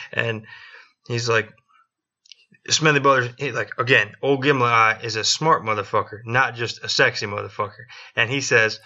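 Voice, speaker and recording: A man's voice: medium pitch, fairly even intonation, fairly quick, bright, forceful tone. A man telling a history story on a casual podcast, swearing often and acting out quotes. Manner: profane, joking, acts out quotes. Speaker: podcast co-host. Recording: dull lo-fi recording.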